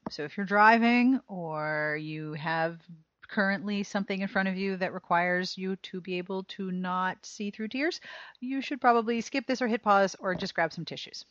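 A woman hosting a podcast, reading listener mail aloud in a casual, expressive way and swearing now and then. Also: mid-range voice, moderate pace, no room sound. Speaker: podcast host. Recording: dry, slightly dull lo-fi sound.

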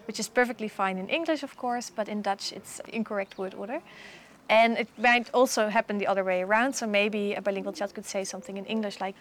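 A woman's voice: medium pitch, steady tone, brisk, slight background noise. A woman researcher appearing as a podcast guest, giving examples casually with some fillers. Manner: explanatory, with fillers. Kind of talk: casual interview chat.

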